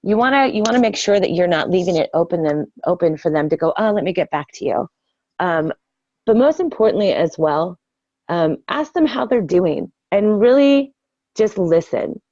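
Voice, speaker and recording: An older woman talks through a sales training session in a casual, earnest way, full of ums and restarts. Her voice sits low and mellow. The recording is dry and dull, with little room sound. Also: animated, normal speed, no room sound. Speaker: network marketing trainer.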